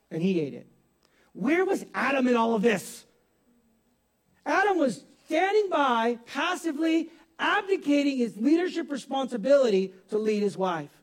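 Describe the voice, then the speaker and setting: High-voiced man preaching a sermon. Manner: animated preaching, swings from soft asides to loud emphatic bursts; laughs at himself. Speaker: pastor. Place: church hall with congregation.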